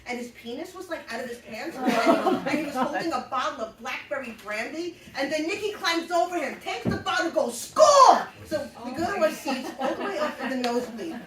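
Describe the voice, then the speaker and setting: Middle-aged New woman, high and animated, live storyteller heard from a distance in an echoey room. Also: fairly quick, hardly any pauses, crowd noise. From New York. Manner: animated, laughing often, blunt and salty. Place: live show venue. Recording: roomy echo, mic at a distance.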